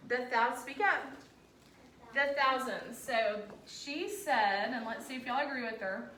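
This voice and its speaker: Woman, teacher; patient, coaxing classroom delivery; higher pitch; distant, roomy room sound with faint background noise. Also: measured pace, bright, forceful tone. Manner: patient, coaxing, talks students through steps. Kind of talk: classroom instruction.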